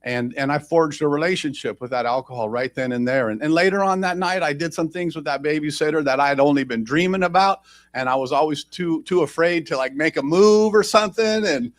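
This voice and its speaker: A man's voice: fairly high pitch, fairly quick, dry recording. A man sharing his personal recovery story at a meeting, in a rambling, conversational way with self-deprecating humor.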